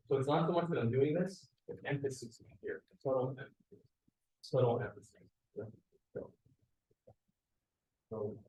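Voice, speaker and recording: Male instructor, mid-pitched, upbeat hands-on coaching with quick praise, echoey training room. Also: phone-quality sound. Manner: encouraging, quick praise, short corrections. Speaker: martial arts instructor. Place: martial arts school, indoors.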